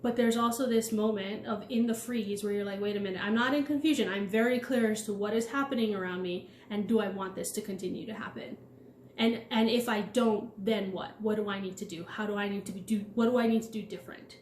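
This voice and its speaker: A woman hosting her channel, talking casually, with frequent "right?" checks and quick acted-out asides of her own thoughts. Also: mid-range voice, steady tone, darkish tone. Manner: chatty, repeats "right?" and "like". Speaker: channel host. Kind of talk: casual talk to camera. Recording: roomy, with faint background noise.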